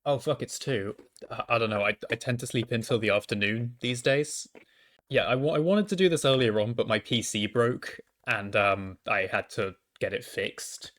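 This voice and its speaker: A man's voice: medium pitch, normal speed, a bit bright. A young man, a university student, telling a casual storytime monologue into a microphone at home, often stammering and restarting with self-deprecating asides. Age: young adult.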